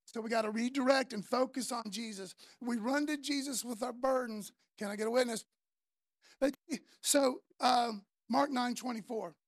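A man's voice: very high voice, moderate pace, dry recording, clean studio sound. A man preaching a sermon in a casual, earnest way, using slang fillers as he talks. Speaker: pastor.

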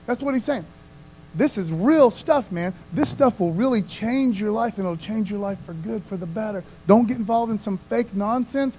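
A man's voice: high voice, expressive, moderate pace, poor audio. A male pastor giving a casual, conversational sermon, often tagging his lines with "man" and "you know what I mean".

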